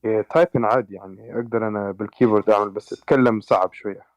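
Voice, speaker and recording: A male caller on a call-in show, speaking in a hesitant, halting way. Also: lowish voice, fairly even intonation. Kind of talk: call-in conversation. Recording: dull lo-fi call line.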